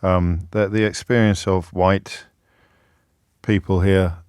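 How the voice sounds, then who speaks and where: A middle-aged man hosts a radio phone-in from a studio mic, low-pitched and wry, looping through restarts as he builds a point. The sound is close and dry. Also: animated, unhurried, darkish tone, no room sound. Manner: wry, discursive, stumbling restarts. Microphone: studio microphone with headphones.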